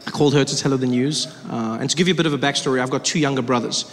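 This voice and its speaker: A man performing stand-up comedy, telling stories in an animated way on a theater stage, recorded in a hall with a laughing crowd. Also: mid-range voice, very fast, a little hiss or hum. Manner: animated storytelling.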